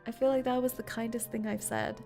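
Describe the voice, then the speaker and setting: A woman's voice: a little high, a little fast, warm tone, faint music behind. A woman streaming a game, chatting in a giggly, playful, teasing way. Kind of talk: game livestream commentary.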